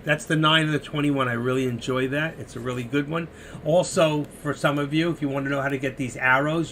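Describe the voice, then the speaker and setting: Here the man speaks at a medium pitch with vocal fry and a fairly bright tone, over slight background noise. He's guiding viewers through trading chart setups on a relaxed live stream, muttering and wandering off-topic while he searches his screen in a loose tutorial style.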